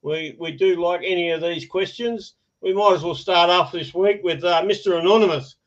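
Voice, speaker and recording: Man, fairly high voice, rambling, laughs often, dull lo-fi audio. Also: moderate pace. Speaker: podcast host. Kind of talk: casual podcast chat.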